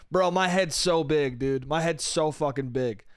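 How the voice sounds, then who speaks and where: Fairly high in pitch and fairly bright in tone, the voice belongs to a young man hosting a comedy podcast on his own. He rambles, jokes at his own expense, swears without holding back, and calls the listener dude and bro, all in studio quality with no room sound.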